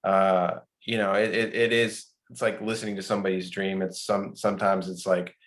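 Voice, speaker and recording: A male film director answering questions at a post-screening talk, halting, with many restarts and fillers. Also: sits low, level tone, fairly bright tone.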